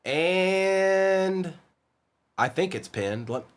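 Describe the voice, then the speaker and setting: This card break host has a high-pitched voice with lively intonation. Chatting casually on his livestream, he addresses viewers by name and rattles off lists of player names.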